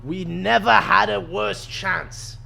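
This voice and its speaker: A man putting on a gruff, blunt soldier who talks in slow, broken English, dragging out every clipped phrase. The voice sits bright and lively, with music playing faintly behind. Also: sits high, heavily acted. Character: gruff Russian soldier, blunt drinker type.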